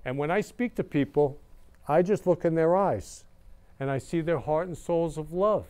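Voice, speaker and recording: A man's voice: on the high side, moderate pace, warm tone, clean tone. A man hosting his own show, talking in an effusive, emotional way and repeating words of love. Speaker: show host. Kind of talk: casual livestream talk.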